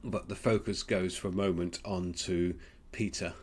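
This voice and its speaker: A man with an Australian accent giving a gentle, reflective Lenten devotional, pausing often with ums. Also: low-pitched, steady tone, slight background noise. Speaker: preacher.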